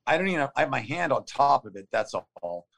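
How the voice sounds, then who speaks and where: A man's voice: medium pitch, sing-song, quick pace, creaky, a bit bright. A man in his fifties sits for an interview. He gives an urgent, vivid play-by-play in short clipped phrases. He often restarts a thought as he goes. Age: 50s. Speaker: interview guest. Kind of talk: conversational storytelling.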